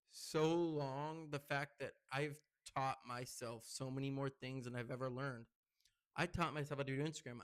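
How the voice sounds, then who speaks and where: A young man vlogging straight to camera about his own channel. He talks in a loose, rambling way, full of "like" and restarts, and keeps working himself up into an indignant rant. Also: medium pitch. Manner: rambling and heated, heavy use of "like". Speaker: content creator. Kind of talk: casual vlog rant to camera.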